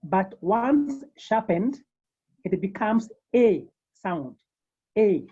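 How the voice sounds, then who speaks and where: A woman teaching a beginners' French class over a video call, slowly repeating each term several times. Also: mid-range voice, mellow, husky, lo-fi sound. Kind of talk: online language lesson.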